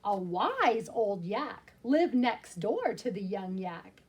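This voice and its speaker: A woman's voice: mid-range voice, very animated, takes it slowly, husky. A woman teacher reading a picture book aloud to young children, explaining words simply and with expression.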